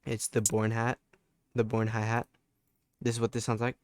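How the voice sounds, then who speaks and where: A man's voice: mid-range voice, monotone, normal speed. A young man giving a casual, laid-back music production tutorial, loose and full of fillers and restarts. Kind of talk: casual screen-recorded tutorial.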